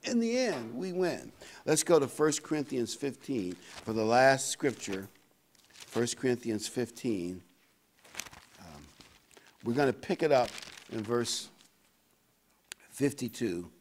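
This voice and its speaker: An older man delivers a sermon in a folksy, conversational style, reading scripture aloud with a lively, rising and falling pitch. He often pauses with fillers while finding the next verse. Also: a little hiss or hum. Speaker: pastor.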